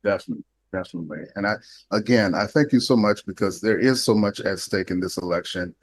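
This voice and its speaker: A man's voice: sits low, fast talker, poor audio. A man hosting a live online event over a video call, effusive and upbeat, laughing often as he introduces guests. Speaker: event host.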